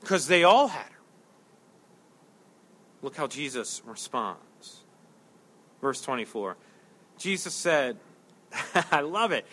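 A man preaching a sermon in a lively, joking way, acting out quotes and voices as he teaches. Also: high voice, slow pace, pauses often. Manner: animated, jokey preaching with acted-out quotes. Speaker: pastor.

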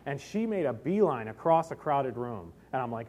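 A man's voice: medium pitch, very animated, normal speed, a little mellow, slight background noise. A middle-aged man preaching a sermon, telling personal stories with self-deprecating humor. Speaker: pastor.

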